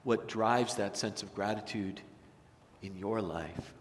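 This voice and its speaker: A man preaching a sermon as pastor, animated, swinging from loud, energetic lines to hushed ones. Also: on the low side, slow pace, slight background noise. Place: church sanctuary. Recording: long reverb of a church sanctuary.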